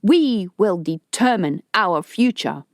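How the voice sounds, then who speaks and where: A woman's voice: mid-range voice, animated, slow, dry recording, clean studio sound. A woman voicing a rebel leader in an audiobook, giving a defiant, rousing speech to a crowd. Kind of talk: audiobook character voice.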